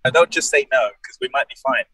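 A man's voice: mid-range voice, quick pace, poor audio. A man, a wrestler chatting as a guest and telling jokey stories. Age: late 20s. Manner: animated, jokey storyteller. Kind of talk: casual podcast chat.

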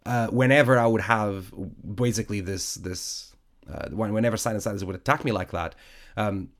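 A man with a fairly low voice and a blocked, stuffy nose talks on his own podcast. He rambles chattily, correcting himself and filling gaps with ums and uhs. His first language is Portuguese. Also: moderate pace. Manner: rambling, self-correcting, chatty with frequent fillers. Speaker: podcast host. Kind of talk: casual solo podcast chat. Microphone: studio podcast microphone.

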